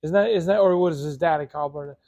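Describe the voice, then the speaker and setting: A man co-hosting a casual podcast keeps chiming in with side remarks and questions. His voice is a touch higher than most men's. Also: warm tone. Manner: chatty, interjecting, quick asides. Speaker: podcast co-host.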